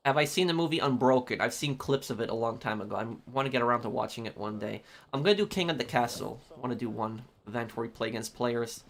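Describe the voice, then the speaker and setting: A man with a gravelly, medium-pitched voice talks fast while streaming a game. In an easygoing, casual live-stream chat, he reads out viewer messages and thanks them one after another, over and over.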